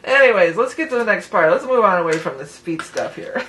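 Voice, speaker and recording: A woman's voice: medium pitch, animated, brisk, a bit bright, slight background noise. A woman giving a casual tarot reading to the viewer, chatty and breaking into giggles between her readings of the cards. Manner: talks straight to the viewer as "you". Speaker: tarot reader.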